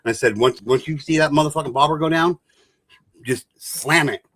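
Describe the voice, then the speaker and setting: A man's voice: a little high, brisk, a bit bright, breathy edge, no echo. A man in casual group chat, telling a boastful fishing story and swearing freely. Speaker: streamer.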